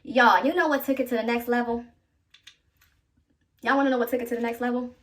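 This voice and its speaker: A woman in her thirties tells her viewers a personal story in an animated, chatty vlog style. Her voice sits a little high. She is heard slightly distant from the microphone. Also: a little fast. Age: 30s. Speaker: vlogger.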